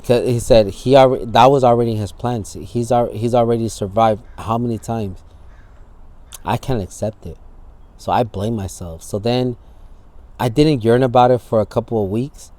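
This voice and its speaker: Man with an average-pitched voice, giving a candid interview, acting out the scenes and swearing as he goes. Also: normal speed, mellow. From San Francisco Bay Area. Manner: vivid storytelling, acts out scenes, swears freely.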